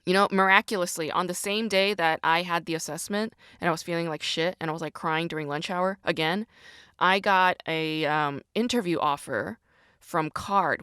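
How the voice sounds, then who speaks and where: Low-voiced woman ranting with profanity. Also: a bit bright, clear, resonant tone, no room sound, studio quality. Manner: confessional and self-questioning. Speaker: podcast host. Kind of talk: candid podcast monologue.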